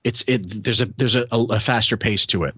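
A man's voice: fairly low pitch, a little fast, fairly bright tone, slightly rough, no echo. A man co-hosting a podcast, chatting casually in a rambling, hesitant way, often restarting his sentences. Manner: rambling, hesitant, self-correcting. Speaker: podcast co-host.

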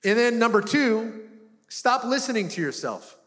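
A man's voice: extremely high pitch, very animated, measured pace, fairly bright tone. A male pastor preaching a sermon to a congregation, talking conversationally and often repeating and restarting phrases. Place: church hall before a congregation. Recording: long hall reverb.

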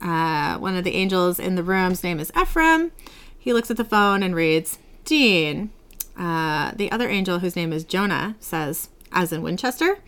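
Giggly woman recapping with lively pitch. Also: moderate pace, clean tone. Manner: giggly, animated storytelling. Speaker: podcast host. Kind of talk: casual episode recap.

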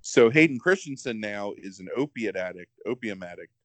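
A man co-hosting a podcast in casual chat, rambling and animated, filling with "like". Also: fairly low pitch, moderate pace, no echo.

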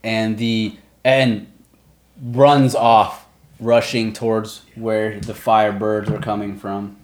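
A man's voice: fairly low pitch, level tone. A man running a tabletop game as game master, narrating the action casually between rule calls. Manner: casual, rule-checking narration with quick asides.

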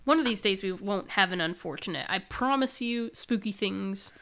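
A woman co-hosting a podcast in relaxed conversation. She tells her stories with animation and laughs easily, her pitch sitting in an ordinary middle range. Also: normal speed, clear, resonant tone. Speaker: podcast co-host. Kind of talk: casual chat.

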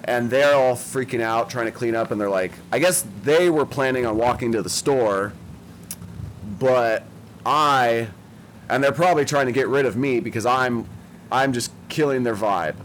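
A young man tells a story in loose, casual chat, swearing freely and poking fun at himself. His voice sits at an ordinary middle pitch. Faint background noise hums under the recording. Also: normal speed, poor audio. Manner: profane, rambling, self-mocking.

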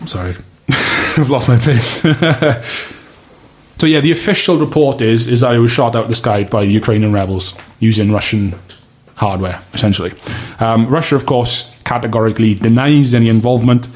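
A man's voice: medium pitch, steady tone, moderate pace. A man from the United Kingdom hosting a casual podcast chat, rambling, swearing freely and losing his place. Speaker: podcast host.

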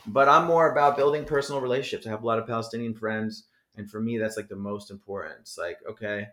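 A man's voice: fairly low pitch, quick pace. Rambling, cursing man in an echoey room. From New Jersey. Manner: rambling, animated, swears freely. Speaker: rapper, podcast guest. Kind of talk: casual interview chat.

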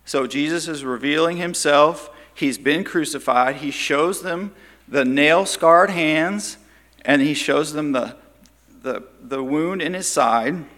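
Bright-voiced man teaching in a hall. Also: a little high, slow pace. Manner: storytelling, briefly acting out quoted lines. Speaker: Bible teacher. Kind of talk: Bible study teaching.

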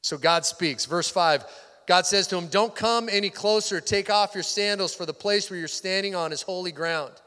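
Male pastor, slightly high voice, casual sermon delivery, reverberant sanctuary. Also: moderate pace, bright, forceful tone. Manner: conversational, drops to near-whisper for intimate points. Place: church sanctuary. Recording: hall reverb.

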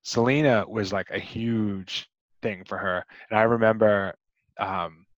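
A man's voice: lowish voice, steady tone, measured pace, dry recording, dull audio. A man co-hosting a podcast, chatting casually about a movie, rambling with many restarts and fillers. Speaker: podcast co-host.

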